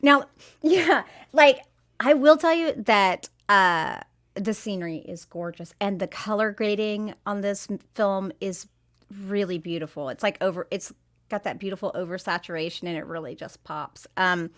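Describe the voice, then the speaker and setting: A woman's voice: medium pitch, moderate pace. A woman chatting casually as a panelist on a film review podcast, talking in loose asides and laughing often.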